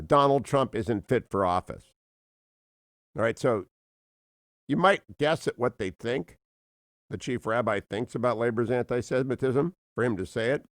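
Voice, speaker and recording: A man hosting a talk radio show from a studio, reading the news in a booming, theatrical way. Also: dry recording. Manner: booming, theatrical, laughs at own jokes. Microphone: studio microphone.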